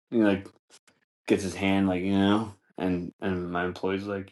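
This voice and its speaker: A man hosting a comedy podcast, telling a story in a casual, animated way, swearing often and acting out the people in it. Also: normal speed, long pauses. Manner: animated, swears, laughs, voices others in raised pitch. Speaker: podcast host.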